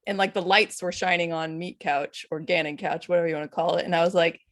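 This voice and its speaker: Woman moderator, rambling and chatty, slightly low voice, casual stream Q&A. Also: steady tone, fast talker, no room sound. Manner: rambling, chatty, often laughing. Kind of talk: casual panel chat.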